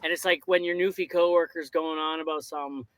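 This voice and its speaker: A man hosting a podcast, chatting in a laid-back way with casual swearing and quick agreeing replies. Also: on the high side, steady tone, fairly bright tone, clean tone, no room sound. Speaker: podcast host. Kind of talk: casual chat.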